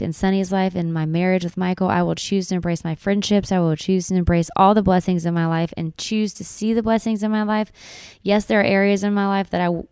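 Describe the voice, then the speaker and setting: Young mother vlogger, earnest and emphatic, low smooth voice, dry close sound. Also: darkish tone, dry recording. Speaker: vlogger mom. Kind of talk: heartfelt personal vlog talk.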